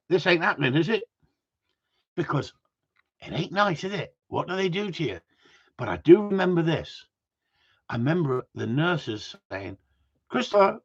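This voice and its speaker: A man's voice: on the high side, lo-fi sound. A man chatting casually to viewers in a rambling, cheeky way, swearing freely. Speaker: vlogger.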